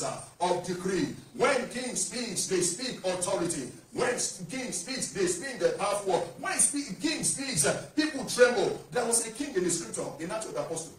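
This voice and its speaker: A man preaching a sermon as a pastor, proclaiming in a declamatory style and calling out to the congregation for responses. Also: high-pitched. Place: church. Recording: echoey church hall from far off.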